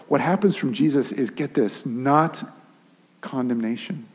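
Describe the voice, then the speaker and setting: Male pastor, casual animated sermon delivery, mellow and slightly husky, long reverb of a hall. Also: a little high, normal speed. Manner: animated, conversational preaching with restarts and acted asides.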